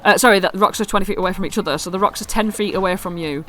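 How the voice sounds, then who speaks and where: Bright-voiced woman running a game. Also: medium pitch, racing, soft background music. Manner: chatty, self-correcting explanations. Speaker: dungeon master.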